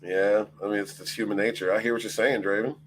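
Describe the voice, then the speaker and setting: A man's voice: on the low side, fairly even intonation, quick pace, slight background noise. A man hosting a casual livestream, greeting his chat by name, laughing often and swearing freely. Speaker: livestream host.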